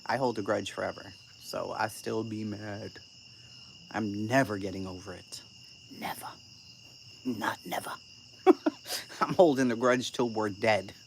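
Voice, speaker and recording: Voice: medium pitch, a little slow, creaky, long pauses, a little hiss or hum. A channel host giving casual live-stream commentary and answering chat, blunt, profane and sarcastic.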